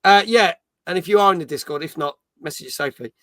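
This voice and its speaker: A man's voice: a little high, brisk, sharp tone, no room sound, clean studio sound. Chatty middle-aged man hosting. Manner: chatty, reads chat comments aloud, jokey. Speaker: podcast host. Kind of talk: casual live-stream chat.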